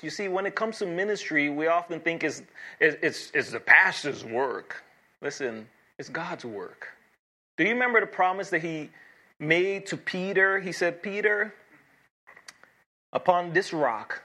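A man preaching a sermon as pastor, earnest and emphatic, with dramatic pauses and repeated key phrases. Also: on the high side, expressive, sharp tone.

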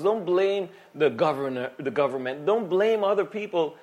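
Male pastor, sermon delivery, animated and emphatic, voice sits a bit high. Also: normal speed, few pauses. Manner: animated, emphatic preaching with vivid asides.

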